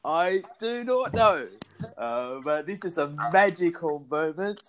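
An excitable man in his forties hosts a podcast and chats over a phone line, laughing often and restarting his phrasing. His voice sits a little high. Faint noise hums behind him. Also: takes it slowly. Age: 40s. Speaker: podcast host. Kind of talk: casual interview chat. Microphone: phone call.

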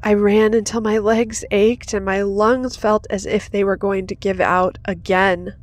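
A woman's voice: medium pitch, level tone, measured pace. A woman reading a first-person horror story in a dramatic scripted narration. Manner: dramatic, rising to intense in action. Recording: soft music under the voice.

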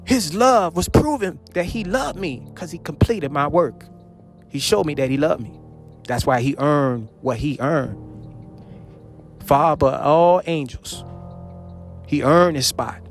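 A man with a fairly high voice preaches with fervor, repeating phrases and calling out hallelujah again and again. He swings between ringing calls and low, hushed murmurs. Soft music plays faintly behind him. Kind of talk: sermon on scripture.

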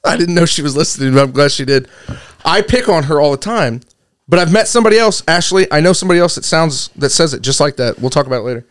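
A man's voice: fairly high pitch, fast talker. A man co-hosting a casual podcast, joking at his own expense and swearing freely. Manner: animated, self-mocking, profane. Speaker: podcast co-host. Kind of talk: casual profane banter.

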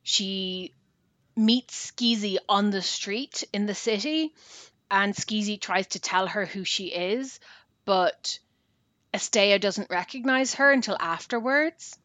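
A woman's voice: medium pitch, slow, fairly bright tone, no room sound. Dry-voiced woman recapping a book. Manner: retelling a plot at length with fillers. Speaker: book podcast co-host. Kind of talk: casual book discussion.

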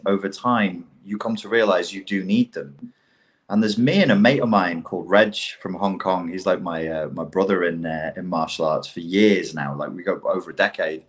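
Low-voiced and animated, a middle-aged man swears freely while telling stories in casual conversation, performing the quotes as he goes.

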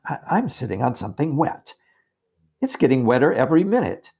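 Man voicing a confident eldest schoolboy, hearty, lively pitch, husky. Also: fairly quick, full character voice. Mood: earnest. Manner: hearty, old-fashioned schoolboy talk.

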